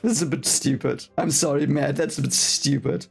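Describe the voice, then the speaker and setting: A man's voice: a little high, fairly even intonation, moderate pace, gravelly, few pauses, breathy edge, faint music behind. A man reading a fantasy novel aloud for the first time and ranting in frustration, apologizing and repeating himself as he vents. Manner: frustrated, swearing, apologetic rants with repeated phrases. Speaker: book reaction reader.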